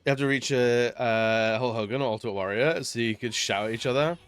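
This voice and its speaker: A man's voice: mid-range voice, quick pace, a bit bright, smooth, soft background music. A man chatting casually during a live stream, rambling and laughing often between remarks. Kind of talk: casual live-stream chat while gaming.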